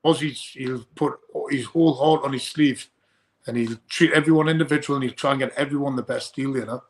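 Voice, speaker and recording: A young bare-knuckle fighter, guesting in a casual interview, speaks fairly quickly with a medium-pitched, steady voice. He rambles and often repeats the first words of his sentences.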